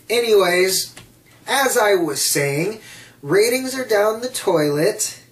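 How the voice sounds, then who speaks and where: A man's voice: a little high, recorded from a distance. A man in a blunt, sarcastic casual rant as a wrestling vlogger. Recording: echoey room, off mic.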